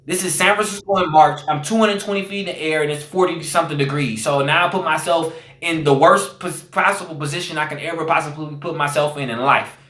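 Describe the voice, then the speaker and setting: Earnest guy, kinda high voice, keeps repeating himself, lots of like and you know, roomy echo. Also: fairly quick, few pauses, a bit bright. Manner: earnest, repeats phrases, many fillers. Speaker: guest. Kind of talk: personal storytelling.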